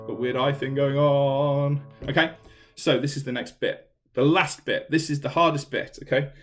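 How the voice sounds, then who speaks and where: A man's voice: mid-range voice, fairly even intonation, normal speed. A man from England teaching an online singing lesson, chatty and self-deprecating, filmed on a camera set up in a room at home. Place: room at home during lockdown. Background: piano playing.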